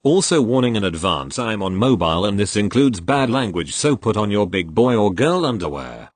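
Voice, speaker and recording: A man reads online posts aloud as scripted narration, his somewhat low voice keeping a steady, even delivery at normal speed. The recording is dry, with no room sound around it.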